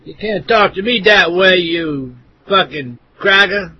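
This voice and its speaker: Man reading the part of a brash, angry woman customer, loud and snapping, husky tone, dull lo-fi sound. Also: sits high, measured pace, dry recording, voice pushed up. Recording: dull lo-fi recording.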